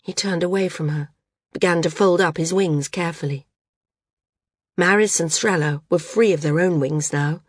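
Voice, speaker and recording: A woman narrating a novel as an audiobook in a measured storytelling manner. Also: fairly low pitch, slightly rough, no echo.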